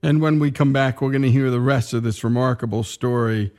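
A man hosts a radio story show, speaking to his listeners with enthusiasm at a mid pitch. Faint music sits behind him. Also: a little fast, darkish tone. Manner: enthusiastic, direct address to listeners. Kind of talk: radio host commentary.

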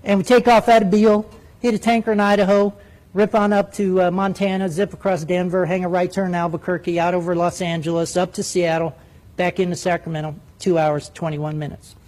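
A middle-aged man, a retired military pilot, telling a story with lively, acted-out radio voices. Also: sits high, brisk, low-quality recording. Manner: animated storyteller who acts out radio voices. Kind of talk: storytelling speech.

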